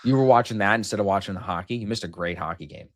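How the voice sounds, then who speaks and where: A man's voice: on the low side, rapid-fire, dry recording, clean studio sound. A man in his thirties hosting a live trading stream, brash and joking, swearing freely in casual chat.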